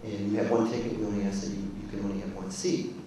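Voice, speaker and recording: A man voicing a courteous male theater manager who speaks in a measured way. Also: lowish voice, little pitch movement, warm tone, a little hiss or hum, close to an everyday voice. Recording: echoey hall, distant mic.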